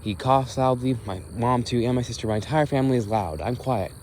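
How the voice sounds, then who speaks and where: Young man, mid-pitched voice, ranting, walk-and-talk vlog, outdoors at dusk, faint insect noise. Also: fairly quick, a little mellow. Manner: ranting, exasperated complaining. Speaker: vlogger.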